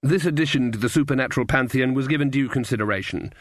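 A man narrating a fantasy novel with wry, measured storytelling. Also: mid-range voice, dry recording, clean studio sound. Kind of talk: audiobook narration.

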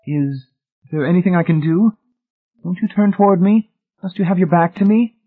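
A man's voice: a little high, normal speed, husky, dry recording, voice pushed up. A man doing a frantic pleading wife. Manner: urgent, pleading. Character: anxious, pleading young wife. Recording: tinny, phone-like sound.

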